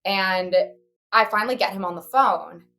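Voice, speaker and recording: A woman's voice: mid-range voice, normal speed, sharp tone. Young woman, podcast co-host, casual storytelling, chatty, blunt. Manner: chatty, says "like" often, blunt with swearing.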